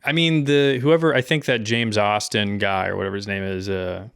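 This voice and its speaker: Man, podcast co-host, blunt, dismissive, smooth lowish voice, dry close sound. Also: steady tone, normal speed, a bit bright, no echo. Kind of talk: casual chat.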